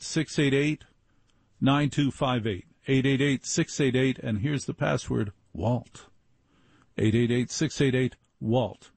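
An older man tells personal stories in a relaxed, wry way, now and then slipping into the voices of the people he quotes. His voice is gravelly and a little husky. The sound is dry and close, with no room echo. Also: medium pitch. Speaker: show host. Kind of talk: storytelling monologue.

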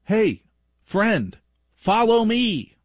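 A chirpy little girl calls out in a high, sing-song voice that slides all over, beckoning everyone to follow her, as a man puts her on. Her voice is husky and dry. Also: big pitch swings, drawn-out words, no room sound, exaggerated voice.

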